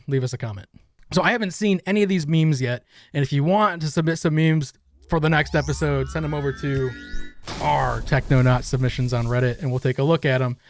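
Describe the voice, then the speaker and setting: A middle-aged man hosts a casual meme review at home, rambling through wisecracks and crude asides. His voice sits at an ordinary middle pitch. Faint music plays under his talk. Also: a little mellow. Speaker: host.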